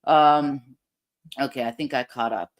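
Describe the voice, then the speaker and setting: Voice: mid-range voice, fairly even intonation, measured pace. Chatty livestream commentator, talks to viewers. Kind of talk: casual live reaction commentary.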